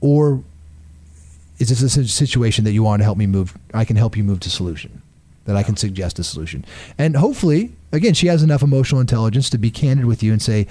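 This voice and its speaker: An earnest male therapist talks through practical relationship advice in a conversational way. His voice is mellow and dark, recorded close and dry with no room sound. Mid-pitched and steady. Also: fast, no echo. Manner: earnest, pragmatic, uses acted-out examples. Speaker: marriage and family therapist guest. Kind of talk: conversational advice on a radio talk show.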